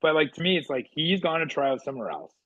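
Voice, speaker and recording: A man co-hosting a podcast, telling animated stories and acting out the quotes with sudden jumps in pitch. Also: fast, no room sound, highs cut off. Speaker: podcast co-host and goalie coach. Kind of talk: casual storytelling chat.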